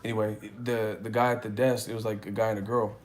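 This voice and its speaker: A man's voice: on the low side, level tone, fast, a little hiss or hum. A man hosting a live boxing talk stream from a hotel room, speaking in a loose, profane, rambling way as he tells stories. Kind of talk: casual live-stream chat.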